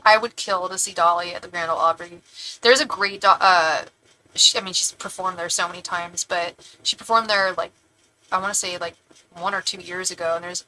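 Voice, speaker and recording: A woman's voice: on the low side, pushed and bright, slight background noise, rough recording. A young woman from California giving a tarot reading on a live stream, chatty and rambling with many restarts. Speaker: tarot reader.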